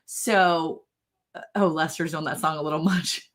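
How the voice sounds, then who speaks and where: Lady hosting a live chat, kinda low voice, chatty and laughy. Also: steady tone, normal speed. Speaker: live stream host.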